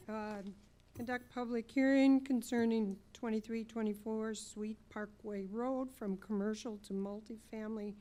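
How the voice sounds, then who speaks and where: A woman mayor runs the council meeting, moving through the agenda in a brisk, informal way. Her voice is mellow and warm, at an average pitch. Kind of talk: chairing a public meeting. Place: city council chamber.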